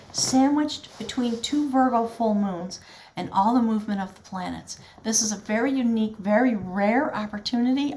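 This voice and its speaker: A woman gives a spiritual tarot reading, talking directly to her audience in an earnest, flowing manner. Her voice sits in an ordinary middle range for a woman, and she sounds heartfelt and sincere throughout. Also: mid-range voice. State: choked up with emotion at times. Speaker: tarot reader.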